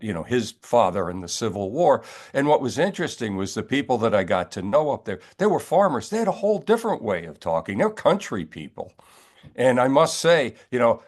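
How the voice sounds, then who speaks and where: Older male author guest, low voice, wry and meandering, chatty interview delivery. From New York area, US. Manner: wry, rambling storyteller. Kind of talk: relaxed interview chat.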